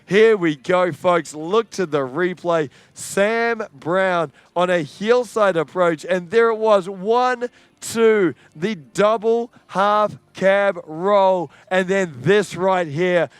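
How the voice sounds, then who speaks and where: A man calling a live sports event, excitable and rising to shouts on the big moments. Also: high-pitched, slow pace, clean tone, no echo. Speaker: sports commentator.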